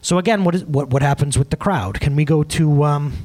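A man preaching a sermon to his congregation, emphatic and animated, asking for slides as he goes. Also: a little high, fairly quick. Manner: asks for slides during the talk. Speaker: pastor.

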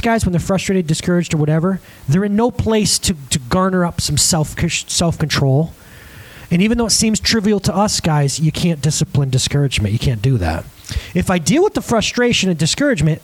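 A man delivers a lively sermon to a live audience. His voice sits high and swings widely as he acts out everyday moments and keeps turning to the listeners with quick questions. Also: breathy edge. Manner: animated, acts out scenes in different voices; chatty, asks the crowd questions.

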